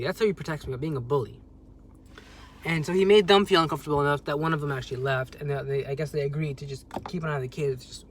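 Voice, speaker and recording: A young man telling a story on a vlog as a rambling, agitated rant, with sudden loud jumps in pitch. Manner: rambling, with many restarts. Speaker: vlogger.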